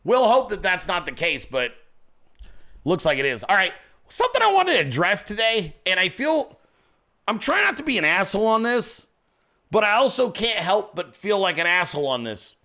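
A man's voice: high voice, wildly swooping pitch, moderate pace, pushed and bright. A man hosting a political commentary show, blunt and crude, ranting at his audience in casual speech. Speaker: show host.

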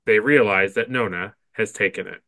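A man's voice: fairly low pitch, moderate pace, pushed and bright, dry recording. A man co-hosting a podcast, chatting casually with a friend and reading plot summaries aloud, laughing often and stammering when he gives his own opinions. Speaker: podcast co-host. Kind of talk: casual chat and reading episode recaps.

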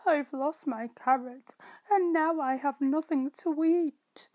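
A woman voicing a small, gentle male rabbit who is easily upset in a storybook, in a soft, plaintive voice. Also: sits high, slow pace, no echo.

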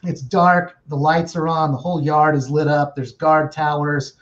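A gruff, no-nonsense mentor with a raised, pushy voice, as a man puts him on while telling a story. He talks bluntly and swears now and then. The audio is a little dull and lo-fi. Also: fairly high pitch, flat delivery, normal speed, a little hiss or hum, natural voice. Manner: blunt, provoking, salty language.

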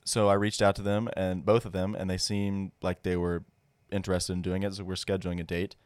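A young man co-hosting a casual podcast, rambling and relaxed. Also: deep voice, fairly quick, clean tone, no room sound. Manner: rambling, relaxed, laughs often. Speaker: podcast co-host.

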